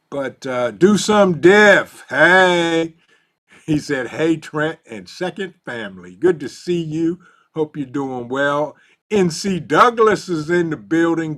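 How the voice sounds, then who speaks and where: A man hosts a casual live stream, reading out viewer comments, laughing easily and coaxing his dog. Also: a little high. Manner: easygoing, laughs often, talks softly to his dog.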